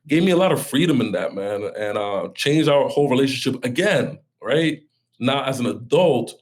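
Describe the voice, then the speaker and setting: A man, a pastor, sharing a personal story as a podcast guest in an earnest, heartfelt way, talking in run-on bursts with many restarts. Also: mid-range voice.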